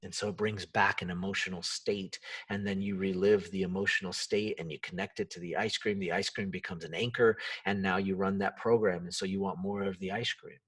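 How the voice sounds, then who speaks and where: Husky low-voiced man hosting a podcast. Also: a little fast, distant mic. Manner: animated, acts out quoted voices and reactions. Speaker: podcast host. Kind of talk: solo self-help podcast talk.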